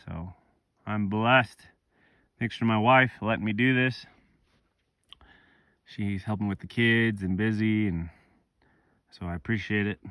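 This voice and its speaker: A man telling his hunt story outdoors in remote mountain country, excited and emotional, swearing freely in casual vlog talk. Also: fairly low pitch, measured pace, long pauses, no echo, studio quality. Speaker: hunter filming himself.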